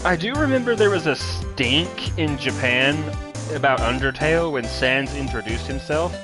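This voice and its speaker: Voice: medium pitch, unhurried. A streamer giving blunt, candid live game commentary, swearing freely. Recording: stream audio with game music behind.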